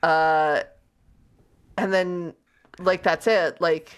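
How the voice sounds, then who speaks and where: A woman co-hosting a podcast, recapping a novel in casual, animated chat with lots of giggling and "like.". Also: fairly low pitch, very slow, clear, resonant tone. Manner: heavy use of "like". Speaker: podcast co-host.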